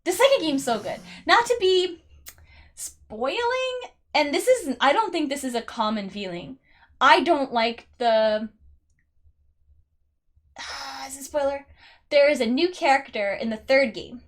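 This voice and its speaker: A young adult woman giving playful, excitable commentary while playing a game. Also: sits high, unhurried, long pauses. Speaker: let's play gamer.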